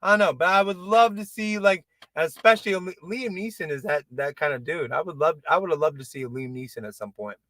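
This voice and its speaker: Man, casual chat host, rambling, excitable, swears a lot, high pitch, dry close sound. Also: fairly quick, hardly any pauses, dry recording. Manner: rambling, excitable, swears freely, many restarts. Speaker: podcast host.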